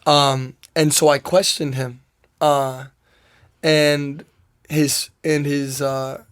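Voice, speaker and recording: A man's voice: a little high, little pitch movement, drawn-out words, clean tone. A young man, a soccer player guest in an interview, telling a personal story in a rambling way, full of "like" and quoted asides.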